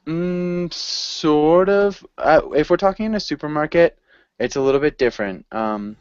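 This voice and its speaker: A man's voice: fairly high pitch, animated, moderate pace, clean tone, no echo, dull audio. A man teaching an English class, patient and encouraging as he explains pronunciation. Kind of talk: online group language lesson.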